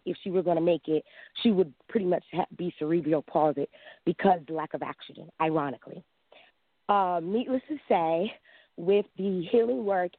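A woman in her thirties calling in, telling a long personal story in a lively way, acting out quotes and laughing often. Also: on the low side, dry recording. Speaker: caller. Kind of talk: casual storytelling. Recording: dry tinny phone line.

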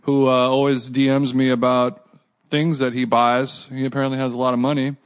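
A man's voice: medium pitch, completely flat delivery, brisk, clean tone. A man hosting a casual food podcast, chatting and teasing his co-hosts. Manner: joking, teasing banter. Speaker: podcast host. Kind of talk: casual chat.

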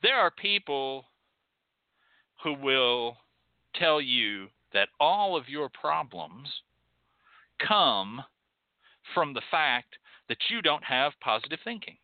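A man's voice: mid-range voice, sing-song, slow pace, long pauses, dry recording. A man hosting a show, delivering an emphatic, profane monologue lecture that repeats phrases for stress. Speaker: host. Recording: tinny phone-like dry sound.

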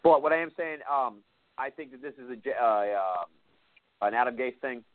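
A man co-hosting a sports talk show, boastful and argumentative, talking fast. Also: medium pitch, animated, no room sound. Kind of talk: sports radio banter. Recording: tinny phone-like line, dry.

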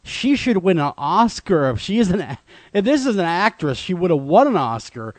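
Lively podcast host guy, higher voice, dry close sound. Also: normal speed, no echo. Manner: animated, exclamatory questioning. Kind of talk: casual interview conversation.

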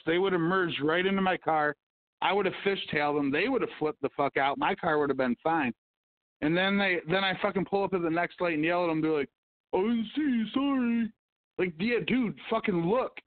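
A man hosting a casual podcast, rambling and swearing constantly as he tells stories. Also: high-pitched. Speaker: podcast host. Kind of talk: casual profane chat. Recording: tinny phone-like audio.

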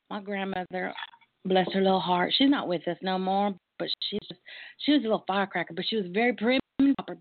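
A woman with a Texas twang hosting a relaxed, chatty talk show, laughing easily. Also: mid-range voice, no echo. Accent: Texas Southern. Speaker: host. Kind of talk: casual chat. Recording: tinny phone-like line.

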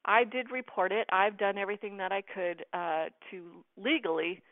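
A woman's voice: mid-range voice, steady tone, normal speed, no room sound. Earnest woman telling her story over a phone line. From United States. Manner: earnest storytelling, acting out quoted dialogue. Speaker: guest. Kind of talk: personal story in an interview.

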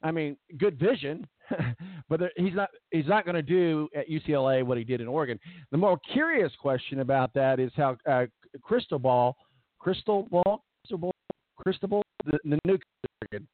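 A man's voice: fairly high pitch, lively intonation, brisk, dry recording. A man co-hosting sports talk, loose and jokey, drifting into side stories as he talks. His voice comes through thin and tinny like a phone line, with a dry, close sound and no room around it. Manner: jokey, rambling, trails into asides. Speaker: sports talk show co-host. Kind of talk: casual sports radio banter.

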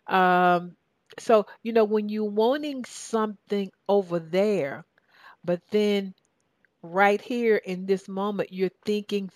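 Slow low-voiced Southern woman preaching. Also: darkish tone, no echo. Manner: emphatic, repeats phrases and questions the audience. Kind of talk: sermon.

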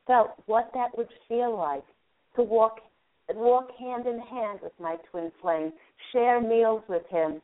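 A woman radio host giving a call-in angel card reading, gently guiding the caller through a visualization. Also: medium pitch. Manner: soothing, guiding, talks listener through a visualization. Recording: narrow phone-line sound.

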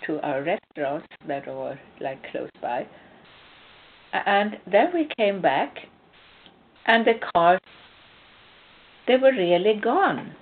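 A woman's voice: fairly low pitch, a little hiss or hum. A woman from Sweden, a spiritual coach, giving casual relationship advice through personal stories, emphatic with hesitant restarts. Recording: tinny phone-like sound.

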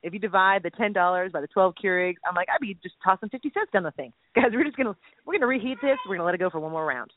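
Excitable woman radio host, lively pitch. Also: rapid-fire, few pauses, no echo. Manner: excitable, laughing, exclamatory. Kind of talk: casual chat on a Christian radio show. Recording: tinny phone-like line, dry.

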